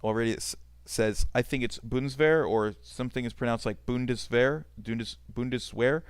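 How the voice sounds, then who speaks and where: A man's voice: medium pitch, fairly quick, smooth, dry recording. A man streaming a game, chatting casually and swearing often as he reads chat aloud and rambles. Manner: profane, rambling, talks to chat.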